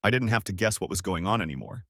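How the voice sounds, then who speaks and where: A man narrating a first-person story as an audiobook, in an expressive storytelling way. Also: low-pitched, quick pace, no echo, clean studio sound.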